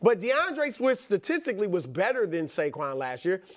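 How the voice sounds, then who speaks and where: A man's voice: high voice, sing-song, normal speed. A man co-hosting a sports talk show, agreeing often and then laying out his case. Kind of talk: sports debate.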